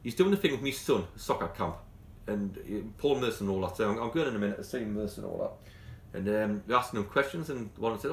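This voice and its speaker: A Geordie man talks fast and bluntly about his job as a football manager, and he often breaks off and restarts mid-sentence. His voice rings in an echoey room with a faint hum of ambience behind it. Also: lowish voice, expressive. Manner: blunt, passionate, rambling with restarts. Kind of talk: post-training interview.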